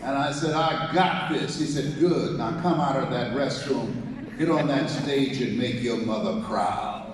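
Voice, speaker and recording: A man's voice: mid-range voice, a little slow, background noise. A man giving a live motivational speech, telling a story, acting out the dialogue and calling on the audience to repeat after him. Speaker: motivational speaker. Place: large hall with audience. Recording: echoey hall, mic from far off.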